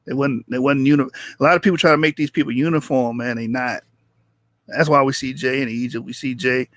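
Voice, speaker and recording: A man with a slightly high voice hosts a casual livestream and talks straight to his chat. He teases people, laughs a lot and keeps it loose. The sound is dry and close. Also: quick pace, a bit bright, no echo. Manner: loose, chatty, teasing, laughs often; addresses viewers in the chat directly. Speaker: livestream debate host.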